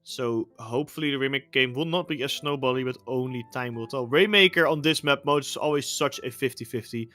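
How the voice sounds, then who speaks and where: A man casting a competitive video game match, with play-by-play commentary that gets loud and energetic during the action. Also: medium pitch, a little fast, few pauses, soft background music. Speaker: esports caster.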